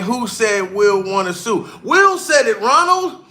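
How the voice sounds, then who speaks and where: A man's voice: extremely high pitch, animated, a little slow, sharp tone. A comedian streamer ranting profanely and mockingly on a live stream, calling out to chat as he goes. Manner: profane, heated, mocking rant.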